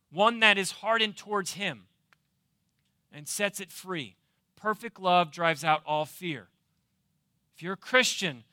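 A man's voice: high voice, bright, forceful tone, dry recording, clean studio sound. A man preaching a sermon as pastor, emphatic, asking rhetorical questions and repeating key phrases. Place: church.

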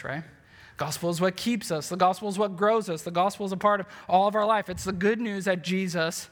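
Earnest high-voiced male preacher. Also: a bit bright, big-room sound. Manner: earnest preaching with rhetorical questions and frequent fillers. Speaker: pastor. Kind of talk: sermon.

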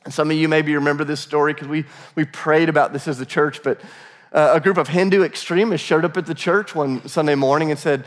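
Pastor, American man, slightly high voice, conversational sermon with acted dialogue. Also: quick pace. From United States. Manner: conversational, laughing asides, acts out dialogue.

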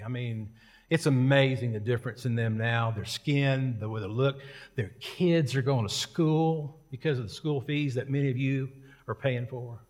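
A man's voice: medium pitch, big-room sound. A male preacher tells a story from the pulpit in a loose, conversational manner. His tone is folksy and full of jokes, and he talks to the congregation like friends. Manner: casual, joking, folksy. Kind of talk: sermon storytelling.

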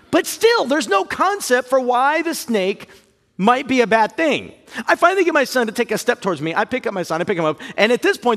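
A high, lively male pastor tells a story from the pulpit with a bright, ringing tone. His voice leaps and dips as he mocks himself, and the church hall gives it a long reverb tail. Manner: animated, self-mocking, jumps to high yelps when acting out fear. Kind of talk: storytelling sermon. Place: church auditorium.

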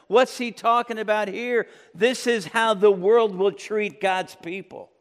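A man preaching a sermon, swinging between loud emphatic peaks and low quiet passages. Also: measured pace, hardly any pauses. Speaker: pastor. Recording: long reverb of a large room.

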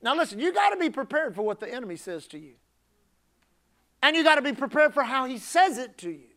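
A male pastor preaching a sermon emphatically, building up to shouted climaxes. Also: very high-pitched, big pitch swings, a little fast.

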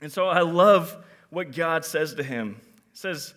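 Youth preacher, male, slightly high, bright and forceful, animated delivery. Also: unhurried. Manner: animated, acts out quotes in different voices; shifts between loud emphasis and quiet reflection. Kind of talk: sermon.

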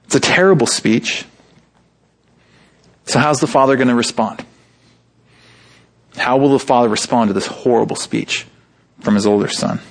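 A man with a high voice delivers a sermon. His delivery is animated. He drops into low, measured stretches and climbs into high, emphatic ones, and he acts out the voices in the story as he goes. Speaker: pastor.

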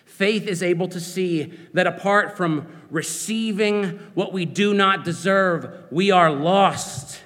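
Slow earnest preacher in a reverberant hall. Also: male voice, high-pitched, a bit bright. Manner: earnest, searching questions to the listener. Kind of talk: sermon.

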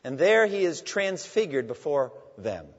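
Male pastor, lively pitch, emphatic sermon delivery, dull recording with long hall reverb. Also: a little slow. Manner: emphatic preaching with wide swings between loud and hushed.

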